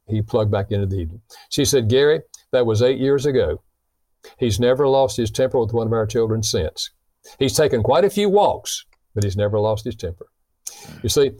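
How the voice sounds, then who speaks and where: Animated man teaching with stories. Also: medium pitch, moderate pace, no echo. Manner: animated storyteller who acts out quoted dialogue; explains with illustrations, earnest. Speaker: guest author on marriage. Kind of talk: conversational teaching.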